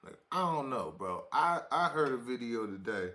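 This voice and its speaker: A man's voice: mid-range voice, big pitch swings, moderate pace, fairly bright tone. A man from Ohio hosting a casual reaction video, talking in slang with a mocking, amused manner. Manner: slangy, mocking, laughs often.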